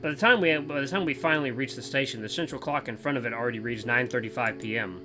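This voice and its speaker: A man reading a visual novel aloud in a lively, wry way as host of a gaming channel. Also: mid-range voice, fast talker. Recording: faint guitar music behind.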